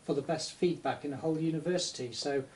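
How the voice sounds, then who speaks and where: Male interviewer, a bit high-pitched, halting delivery, mic some distance away with faint background hiss. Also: steady tone, darkish tone. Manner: hesitant, with stumbles and fillers. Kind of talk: interview questions.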